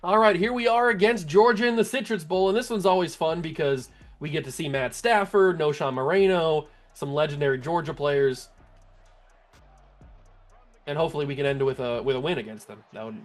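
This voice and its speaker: A man with a fairly high voice talks through his video game as he plays. He is excitable, laughs often and breaks into disbelieving yells when the game glitches. Faint music plays underneath. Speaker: gaming channel host. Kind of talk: video game play-by-play commentary.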